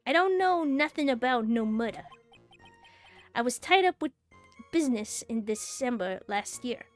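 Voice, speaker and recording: A woman voicing a menacing, hotheaded male loan-shark thug who talks in rough, ungrammatical street slang. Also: fairly high pitch, expressive, normal speed, soft background music, natural voice. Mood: threatening. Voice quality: gruff tough-guy street talk.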